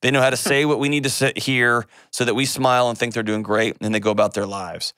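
A man's voice: medium pitch, fairly even intonation, fast talker, bright, forceful tone, clear, resonant tone, no echo, studio quality. A middle-aged man hosting a call-in advice show, speaking earnestly and emphatically, often repeating words for weight.

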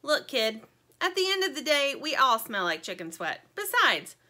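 Woman reader voicing a gruff little chick detective, storybook style: clipped, no-nonsense, high and bright. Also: sing-song, moderate pace, heavily acted. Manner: blunt, clipped, hard-boiled.

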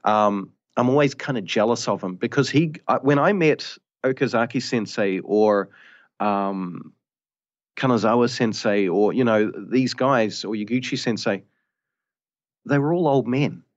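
A man's voice: mid-range voice, a little slow, lo-fi sound. A man from New Zealand, a karate instructor, talking casually in a podcast interview and often saying "you know". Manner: thoughtful, rambling, frequent "you know".

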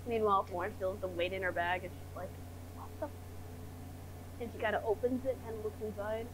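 A woman playing in a tabletop game, narrating her character's reactions in an animated way. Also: mid-range voice, fast, slight background noise, poor audio. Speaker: player. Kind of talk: casual tabletop role-play.

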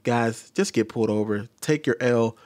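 A young man talks in an exasperated, lecturing way, pleading with his listeners again and again. His voice sits at an ordinary middle pitch. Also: normal speed, darkish tone. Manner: lecturing, exasperated, with repeated pleas. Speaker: commentator. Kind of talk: reaction commentary.

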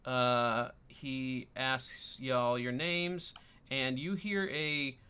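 Unhurried man running a tabletop game. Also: mid-range voice, steady tone, sharp tone, clean tone. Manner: unhurried, many ums and pauses. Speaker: dungeon master.

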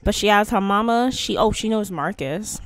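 Smooth-voiced woman chatting over gameplay. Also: medium pitch, moderate pace, no room sound. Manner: chatty and playful, with slangy asides. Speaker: gaming channel host. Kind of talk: casual gameplay commentary.

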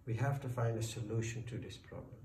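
A man's voice: lowish voice, a little fast, mellow, natural voice. A man voicing a kind but frightened farmer who pleads for his life, in a storybook tale. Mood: anxious. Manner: anxious, pleading. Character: frightened, kindly male farmer. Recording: roomy, distant, faint noise.

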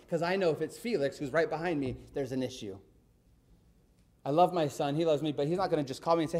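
A middle-aged man, a pastor, telling a story in a sermon, animated and swinging from hushed to excited. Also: on the high side, a little fast.

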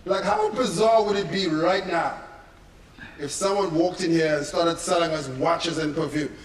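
South African comedian, high lively voice. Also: male voice, normal speed, background noise. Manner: storytelling with acted-out quotes. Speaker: stand-up comedian. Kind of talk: stand-up comedy set. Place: comedy venue stage. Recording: echoey distant venue with loud crowd laughter. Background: audience laughter.

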